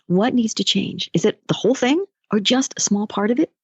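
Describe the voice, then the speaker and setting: A woman life coach talks through a motivational solo podcast in a casual storytelling way. Her voice has a gravelly fry to it, recorded close and dry. The sound is muffled and lo-fi. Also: medium pitch, expressive, fairly quick, a little mellow, no room sound. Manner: conversational, storytelling.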